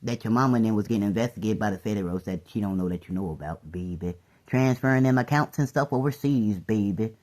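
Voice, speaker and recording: A woman giving a casual tarot reading to her viewers, animated, calling everyone "baby" and laughing often. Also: extremely low pitch, fast. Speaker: tarot reader.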